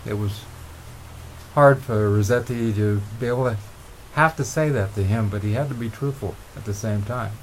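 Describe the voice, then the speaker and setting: A middle-aged man telling motivational stories in a relaxed, rambling way, with frequent restarts. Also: lowish voice, normal speed, a little hiss or hum. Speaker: motivational speaker. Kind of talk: motivational storytelling.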